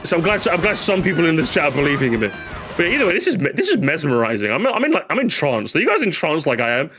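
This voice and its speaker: A male streamer reacting live to game replays, chatty and excitable, rambling with many restarts. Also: a little high, fast talker, over music.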